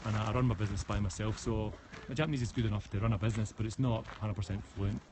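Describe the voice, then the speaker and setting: A man's voice: fairly low pitch, fairly even intonation, rapid-fire. A man from Scotland with a West of Scotland accent, chatting casually on a live stream while walking a forest path outdoors, answering comments with frequent restarts. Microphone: phone held while walking. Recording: outdoor phone stream with clear background noise.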